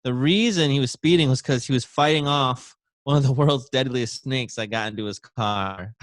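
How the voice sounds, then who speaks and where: A man's voice: medium pitch, normal speed, no room sound. A man hosting a podcast, casually reading odd news stories aloud between laughs and joking asides. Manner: reads news aloud, laughs, breaks into jokey put-on voices. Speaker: podcast host.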